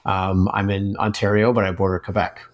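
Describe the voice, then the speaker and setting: A man's voice: sits low, level tone, a little fast. A Canadian man, a podcast guest, chatting casually, laughing often and acting out examples.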